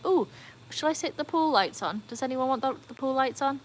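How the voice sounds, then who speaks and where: A woman's voice: fairly high pitch, lively intonation, fast talker, rough recording. Woman, casual livestream host, chatty, light background hiss. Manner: chatty, reads out viewer comments. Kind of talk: casual live-stream chat. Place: home, beside a backyard pool.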